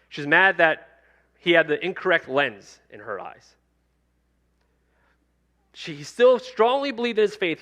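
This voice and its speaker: A man's voice: on the high side, pushed and bright. A male pastor delivering a sermon in a conversational preaching style, circling back to repeated refrains. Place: church sanctuary.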